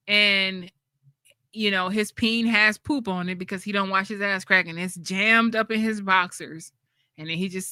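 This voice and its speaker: Blunt woman host, bright and sharp. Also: mid-range voice, smooth, dry recording. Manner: blunt, laughing often, with slang. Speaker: channel host. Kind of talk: casual livestream chat.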